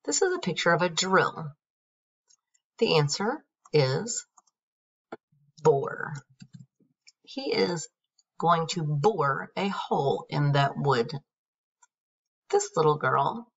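Woman teacher, low voice, lively pitch, husky, grammar lesson, muffled distant recording. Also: slow, pauses often. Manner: patient, spells words letter by letter. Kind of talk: explaining a grammar worksheet. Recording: dull, distant screen-recorded audio.

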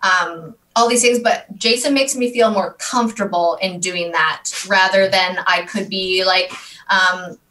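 Bright-voiced Canadian woman. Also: medium pitch, measured pace, a little hiss or hum, low-quality recording. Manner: candid, animated, laughs easily. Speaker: guest. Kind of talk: casual podcast chat.

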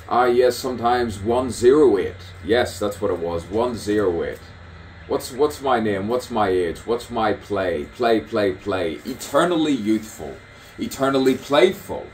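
A man's voice: on the low side, expressive, unhurried, a little mellow, slight background noise. A man talking outdoors in a rambling stream-of-consciousness monologue, musing aloud and repeating his own phrases over and over. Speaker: poet and artist. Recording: distant mic with faint outdoor ambience.

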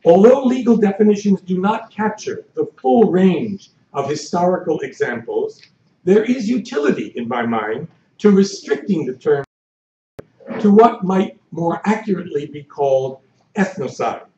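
Older male historian, dry measured lecture voice, mellow tone, echoey far-off lo-fi hall recording. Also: high-pitched, big pitch swings, slight background noise. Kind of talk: academic lecture. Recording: echoey hall, distant mic, dull lo-fi.

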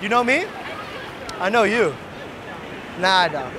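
A man's voice: sits high, expressive, unhurried, crowd noise. A man hosting a casual vlog, joking around and laughing often as he chats with strangers at the beach. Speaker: vlog host. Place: outdoors at a beach. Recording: noisy outdoor beach recording.

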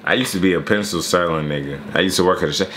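A young man hosting a reaction video, telling loud, laughing, profane stories in casual chat. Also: sits low, very fast, a little hiss or hum. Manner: animated storytelling, laughing often, loud swearing outbursts.

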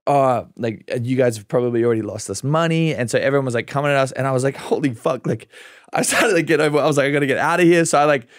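A man's voice: mid-range voice, fast talker, no room sound, clean studio sound. A young man, a podcast guest, telling stories in casual chat with lots of swearing and acted-out quotes. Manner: animated storytelling, swearing, acting out quotes.

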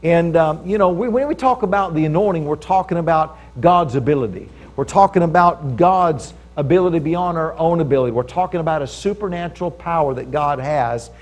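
A man's voice: fairly high pitch, brisk, hardly any pauses. A man preaching a sermon in a conversational way at a church service, stressing key phrases and asking the audience for agreement.

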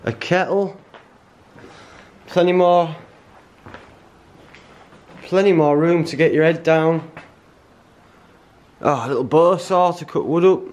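A man's voice: on the high side, slow, long pauses, a little mellow. A middle-aged man vlogging a solo hike, chatting casually to camera with jokes and frequent laughs, outdoors and then inside a bothy. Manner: chatty, jokey, laughs often. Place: outdoors on a hiking trail, later inside a bothy.

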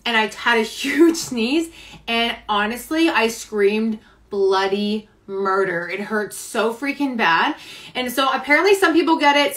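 A woman's voice: on the high side, fairly bright tone. A young woman chatting casually in a live video, bubbly and chatty, laughing often and a little out of breath. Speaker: vlogger. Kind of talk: casual live-stream chat. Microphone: phone camera.

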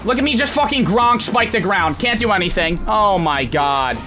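A man's voice: high voice, lively intonation, moderate pace. Swearing young man ranting over gameplay. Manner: frustrated, swearing, bursts into angry shouts. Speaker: gaming streamer. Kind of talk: live gameplay commentary. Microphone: gaming headset. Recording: game music playing behind the voice. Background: game music.

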